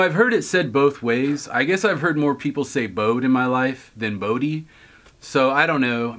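A man's voice: mid-range voice, pushed and bright. A man hosting his own video, reading viewer comments aloud and answering with wisecracks and laughs. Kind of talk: casual chat.

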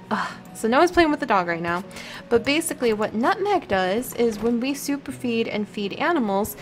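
A young woman chatting casually as she plays a farming game, bubbly and cooing over the animals. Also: fairly high pitch. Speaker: gameplay vlogger. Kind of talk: casual gameplay commentary.

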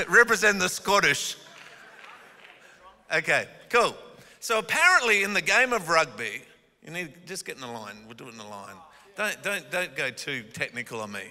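Bright-voiced male preacher in a reverberant hall. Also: fairly high pitch. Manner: calls the congregation up and has them repeat words; jokey asides, then forceful emphatic preaching. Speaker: guest pastor. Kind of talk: energetic sermon. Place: church auditorium. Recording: long reverb of a large church hall.

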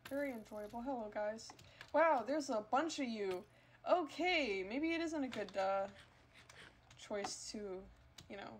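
Woman gaming streamer; higher voice, unhurried delivery, playful teasing with melodramatic squeals. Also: slight background noise. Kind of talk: live gameplay stream chatter.

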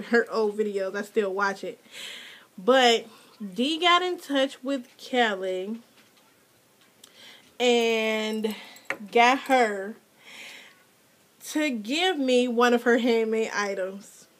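A mother filming a casual unboxing vlog at home, gushing and excitable, her voice jumping to squeals when she is thrilled. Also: fairly high pitch, slow pace. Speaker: mother and hobby vlogger. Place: home with children nearby.

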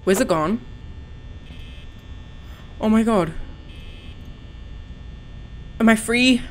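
Horror let's-play: young woman, high voice, unhurried delivery, panicky gasps and muttered swearing. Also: a little hiss or hum. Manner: panicky, gasping, swearing under her breath. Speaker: gaming channel host.

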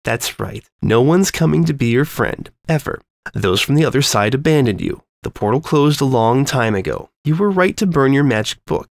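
A man's voice: medium pitch, animated, normal speed, creaky, no echo, clean studio sound. A man voicing a sweetly cruel young woman captor. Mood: coaxing. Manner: coaxing, condescending.

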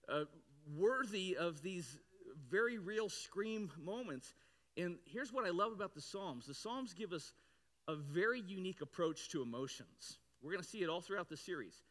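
A man with a bright, forceful voice sitting a little high preaches a sermon in a church. He talks conversationally to the congregation, then breaks into sudden loud cries to drive his point home. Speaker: pastor.

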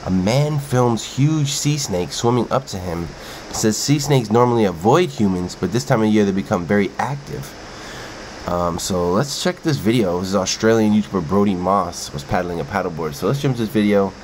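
Male reaction host, slightly low voice, loose repetitive banter, faint background hum. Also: animated, normal speed, a little mellow. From Brooklyn, New York. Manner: chatty, repeats himself, playful. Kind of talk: casual video reaction commentary.

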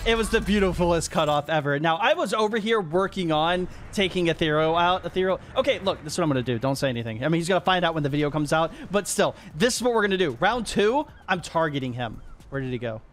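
Excitable high-voiced young man gaming. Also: quick pace, hardly any pauses, a little hiss or hum. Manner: excitable, laughs often, talks to players. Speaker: gaming YouTuber. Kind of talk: gameplay commentary.

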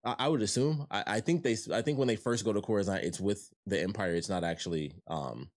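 Fast-talking low-voiced man reviewing a show. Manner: rambling, excited, many fillers and restarts. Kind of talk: casual review chat.

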